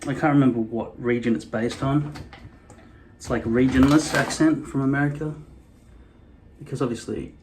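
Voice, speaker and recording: A man's voice: medium pitch, steady tone, normal speed, long pauses, noisy background. A man with an Australian city accent, hosting a hairpiece vlog in a rambling, wry, self-deprecating way. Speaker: hairpiece channel host. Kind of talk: casual vlog monologue.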